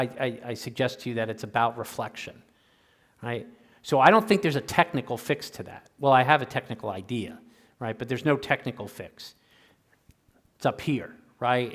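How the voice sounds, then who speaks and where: An older male lecturer answers audience questions in an easy, conversational way, tagging "right?" onto his points. His voice sits at a medium pitch. The sound carries the long reverb of a lecture hall. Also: fairly bright tone. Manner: conversational, keeps asking "right?".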